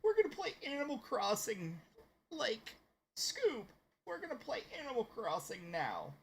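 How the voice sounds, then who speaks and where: A man voicing a laid-back, goofy young cartoon slacker with a high, loose drawl. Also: huge pitch swings, measured pace, a bit bright, heavily acted.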